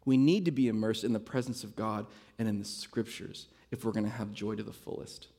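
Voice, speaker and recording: A man's voice: on the low side, steady tone, a little fast, vocal fry, warm tone, slightly rough. A male pastor preaching a sermon, earnest and driving home his points with repeated rhetorical questions.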